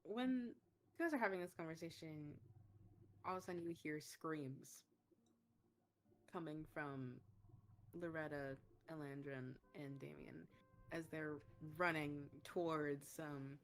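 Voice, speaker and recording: A woman's voice: low voice, measured pace, slight background noise. A woman narrating as game master in a tabletop game, rambling with lots of fillers.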